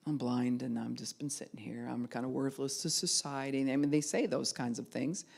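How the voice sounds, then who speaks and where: Low-voiced woman preaching with animated cries. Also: brisk, vocal fry. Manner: animated preaching, rising to loud cries when quoting. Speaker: pastor. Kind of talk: sermon.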